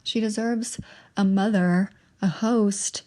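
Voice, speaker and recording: A young woman hosting her own podcast, telling an emotional personal testimony in a halting way, with pauses and restarts. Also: medium pitch, steady tone, darkish tone.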